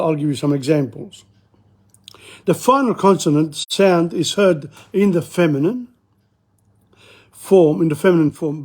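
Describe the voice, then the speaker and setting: An older man teaching a casual language lesson, talking haltingly with many fillers and restarts and repeating words slowly. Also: fairly high pitch, a little mellow.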